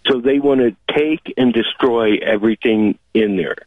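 A man's voice: mid-range voice, normal speed, no echo. Chatty male caller on a phone line. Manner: chatty storyteller, many fillers. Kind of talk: call-in radio talk.

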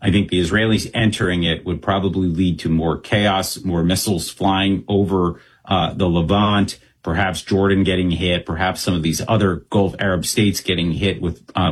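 A man speaking as a guest analyst in an interview, talking quickly and steadily with frequent ums and uhs. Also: deep voice, breathy edge. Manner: fast, measured, with frequent um and uh. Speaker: Middle East analyst guest.

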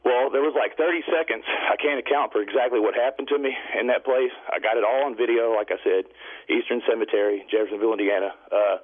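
A man phoning into a radio talk show, telling a long story in a rambling, halting way full of fillers. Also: medium pitch, husky. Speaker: caller. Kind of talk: call-in storytelling. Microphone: telephone. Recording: tinny phone line.

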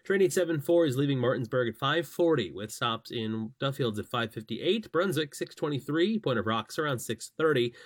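A man's voice: mid-range voice, expressive, moderate pace, hardly any pauses, no echo, studio quality. A man giving a radio commuter rail update, steadily reading out train times. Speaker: transit rail announcer.

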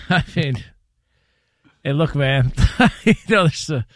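A man's voice: a little high, animated, a bit bright, no room sound. A man co-hosting a sports radio show, making wry jokes and laughing easily in casual banter. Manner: wry, jokey, quick to laugh. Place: radio studio.

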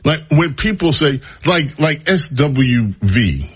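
Slow, husky-voiced sarcastic radio host. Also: male voice, medium pitch, very animated, fairly bright tone. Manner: sarcastic, mocking, rambling asides. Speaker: radio talk show host. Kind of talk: opinionated talk radio monologue.

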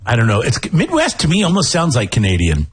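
A man's voice: mid-range voice, fast talker, husky, dry recording. A man co-hosting a morning radio show, chatting and joking casually. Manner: chatty, animated, jokey.

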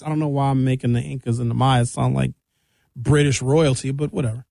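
A male host giving casual, opinionated call-in commentary in an animated, joking way. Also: mid-range voice, fairly quick, gravelly, no echo.

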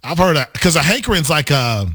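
A man with a fairly high voice talks in a casual, playful way, teasing his co-host and laughing often. His pitch moves a lot, and the sound is dry and close. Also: expressive, a little fast, sharp tone, slightly rough, no room sound. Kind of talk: casual chat.

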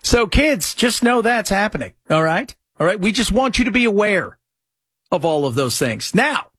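A man hosting a commentary show, reacting to clips with sarcastic, mocking remarks and loud laughs. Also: high voice, sing-song, normal speed, breathy edge, no room sound. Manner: mocking, laughs loudly at his own jokes.

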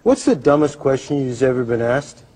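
A man's voice: mid-range voice, animated, a little mellow, natural voice. A man playing a dopey Canadian hoser with a Canadian accent, asking earnest interview questions that end in "eh", heard in a comedy clip played on air. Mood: goofy earnest. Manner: earnest and slow, ends lines with "eh".

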